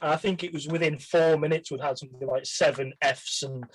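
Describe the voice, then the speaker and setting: A man's voice: fairly high pitch, steady tone, fairly quick, no echo. A man co-hosting a casual podcast, enthusiastic and swearing casually. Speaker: podcast co-host.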